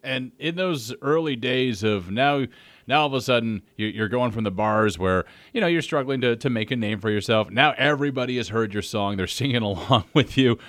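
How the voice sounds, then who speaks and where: A man's voice: medium pitch, brisk, a bit bright, no room sound, studio quality. A man with an Ontario accent hosting an interview, asking long friendly questions. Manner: friendly, wordy questions with repeats. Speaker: radio host.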